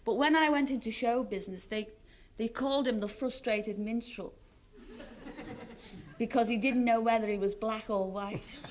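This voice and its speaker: Scouse lady on a chat show, thirties, bubbly and self-mocking, highish voice. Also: moderate pace, a little hiss or hum. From Liverpool, England. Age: 30s. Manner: chatty, laughs often, self-mocking. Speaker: celebrity guest.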